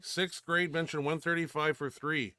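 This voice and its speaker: A man's voice: a little high, normal speed, clear, resonant tone. Teasing man hosting a lifting show. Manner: teasing, dry deadpan humor. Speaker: powerlifting show host. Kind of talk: casual joking banter.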